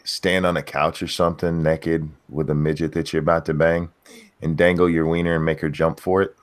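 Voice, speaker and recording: Very deep-voiced tired man joking around. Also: level tone, fairly quick. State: tired, just woken up. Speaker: podcast co-host. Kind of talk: casual live stream chat.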